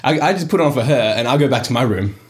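A young man recounts a family story on a chatty podcast. His pitch jumps around a lot as he tells it, and he breaks into laughter often. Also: animated, rapid-fire. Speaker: podcast host. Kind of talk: casual chat.

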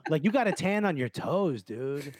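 Animated New comedian, laughing storyteller. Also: male voice, a little high, normal speed, a little hiss or hum. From New York. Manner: animated storyteller, acts out dialogue, laughs often. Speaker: comedian guest. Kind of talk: casual podcast chat.

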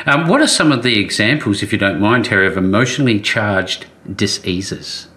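A man hosting an interview show on a remote call. He speaks a little low and asks his questions in a rambling way, with many restarts. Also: expressive, sharp tone. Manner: rambling, halting questions with fillers. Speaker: show host.

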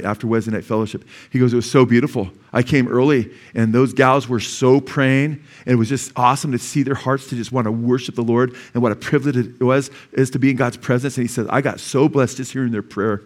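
A male pastor preaching a sermon in a church, telling stories with humor and swinging between loud and soft delivery. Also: medium pitch. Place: church sanctuary.

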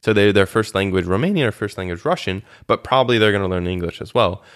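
A former volunteer with a low, smooth, resonant voice recounts his volunteer years as a guest in a relaxed, conversational interview. He talks quickly, chatty and animated, full of fillers and restarts. The sound is dry and close, with no room sound.

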